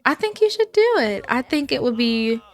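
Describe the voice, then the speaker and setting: A woman's voice: high voice, big pitch swings, moderate pace, soft background music. A woman voicing a laid-back young man who reassures his friend. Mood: reassuring. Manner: easygoing and reassuring.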